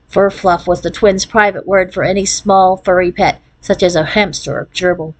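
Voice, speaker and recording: A woman reading a children's novel aloud in an expressive storytelling manner, lifting her voice for the characters' lines. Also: moderate pace, few pauses. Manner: expressive storytelling, raising pitch for quoted voices. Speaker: narrator.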